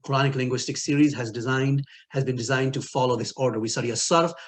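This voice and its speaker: Man, online lecture, linguistics teacher, mid-pitched, playful, laughs at own jokes. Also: fast talker. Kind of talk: recorded online lecture with quiz.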